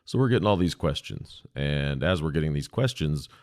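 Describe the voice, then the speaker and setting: A man's voice: rumbling low, animated, normal speed, no room sound, clean studio sound. A man hosting a podcast, telling stories about past emergency calls in a casual, blunt way with some swearing. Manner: blunt, profane, laid-back. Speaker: podcast host, former emergency dispatcher. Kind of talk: casual anecdotal storytelling. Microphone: podcast microphone.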